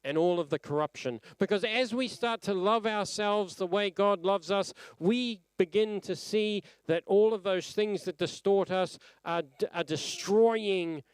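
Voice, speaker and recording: A man delivers a church sermon in an earnest, reflective way. His voice sits a little high and sounds smooth and resonant, and his phrases sink gently at their ends. The sound is dry and close. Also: a little slow, few pauses, dry recording. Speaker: preacher. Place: church service.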